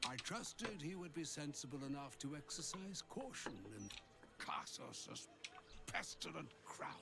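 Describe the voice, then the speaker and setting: An actor playing an ancient, wise male wizard in a video game, speaking to a younger mage as a cryptic mentor with a gravelly, measured delivery. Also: a little high, animated. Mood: solemn counsel. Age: older. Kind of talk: game voice acting. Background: game music.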